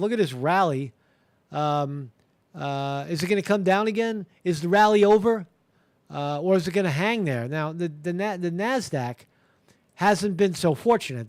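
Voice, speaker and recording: Male live-show host, high pitch, dry close sound, filler-heavy casual market chat. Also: no echo. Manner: rambling, filler-heavy, blunt and sarcastic.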